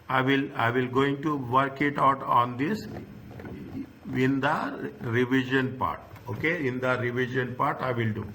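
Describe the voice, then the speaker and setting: A man's voice: mid-range voice, vocal fry, bright, forceful tone, slight background noise. A middle-aged man teaching an accounting lecture, repeating himself and checking in with frequent "okay?" asides. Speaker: accounting tutor. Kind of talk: recorded lecture.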